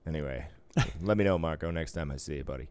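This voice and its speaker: Man, 30s, podcast co-host: very low, smooth voice, loose and profane. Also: fast talker, a little mellow, no room sound. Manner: laid-back, swears freely, laughs often. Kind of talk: casual chat.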